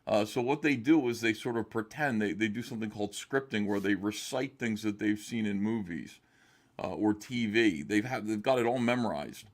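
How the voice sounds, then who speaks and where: A man's voice: lowish voice, normal speed. A man as a guest on a talk show, joking and provocative, rambling with restarts over a video call. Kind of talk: casual chat.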